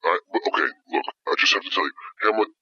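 A man in a comedic chat, talking in a nervous, rushed, confessional way. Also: lowish voice, expressive, vocal fry, bright, forceful tone, dull audio.

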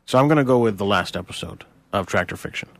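Low voiced guy stammering thru a radio interview, dead dry mic. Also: expressive, quick pace, a bit bright, no room sound. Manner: stammering, rambling. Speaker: radio guest. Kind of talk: hesitant comedic interview.

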